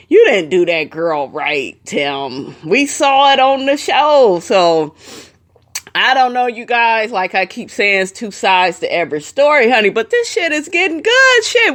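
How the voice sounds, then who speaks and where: A woman's voice: mid-range voice, fairly bright tone. A woman hosting reaction commentary, sassy and laughing, saying honey a lot. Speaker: commentary channel host.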